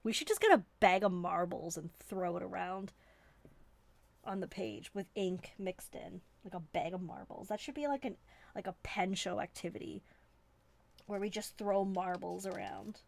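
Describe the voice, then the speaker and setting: A woman's voice: mid-range voice, moderate pace, gravelly. A woman from Canada hosting a live stream, chatting in a rambling, playful, self-mocking way from a desk indoors. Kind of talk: casual live-stream chat.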